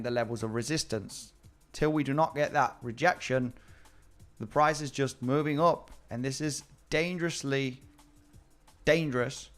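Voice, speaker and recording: A man hosting a casual live stream about crypto trading, chatting with viewers and often repeating his words. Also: mid-range voice.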